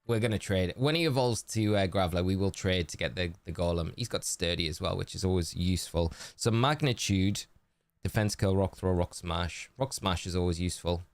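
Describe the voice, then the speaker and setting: A man's voice: low voice, a little fast, no room sound. A man casually commentating his game stream, thinking aloud and greeting viewers in chat.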